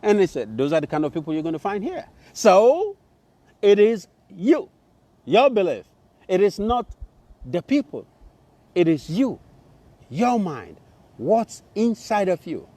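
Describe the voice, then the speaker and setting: Animated middle-aged man giving a pep talk. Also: sits high, measured pace, pauses often. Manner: animated storyteller with exclamations. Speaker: motivational speaker. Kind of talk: motivational talk to camera. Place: Minnesota.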